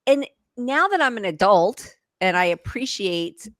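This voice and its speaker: Podcast co-host, young adult woman, mid-pitched voice, blunt and candid, dry close mic. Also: lively intonation, measured pace, a bit bright, dry recording. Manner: candid, blunt, laughs often. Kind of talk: casual chat.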